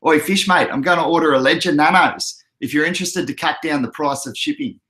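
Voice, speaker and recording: An Australian man putting on an exaggerated broad Australian accent to voice a brash male mate from the chat, louder and higher than his usual voice. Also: a little fast. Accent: broad put-on Australian. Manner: exaggerated broad twang, loud. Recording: roomy echoey room.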